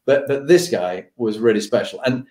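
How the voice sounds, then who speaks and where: A middle-aged man, a podcast host being interviewed, telling an anecdote with animated delivery. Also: mid-range voice, moderate pace. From United Kingdom. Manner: animated, acts out the voices of the people in his stories. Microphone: video call. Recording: roomy echoey room.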